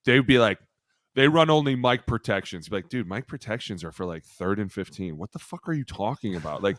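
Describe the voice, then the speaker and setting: Profane, animated man on a podcast. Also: fairly low pitch, normal speed, dry recording, clean studio sound. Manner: profane, animated storytelling with loud impressions. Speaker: podcast co-host, former lineman. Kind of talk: casual podcast chat.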